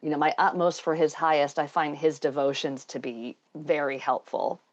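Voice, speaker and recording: Low-voiced woman on a dull, lo-fi line. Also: steady tone, moderate pace. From Scotland. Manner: earnest, thoughtful, wandering sentences. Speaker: podcast guest, engineer and math educator. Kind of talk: casual interview chat. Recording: dull lo-fi sound.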